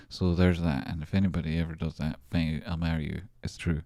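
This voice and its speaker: A man hosting a casual livestream, rambling and joking, with bursts of excitement while reading out supporters' names. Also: a bass voice, a little fast, hardly any pauses, no room sound, clean studio sound. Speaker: livestream host, trader.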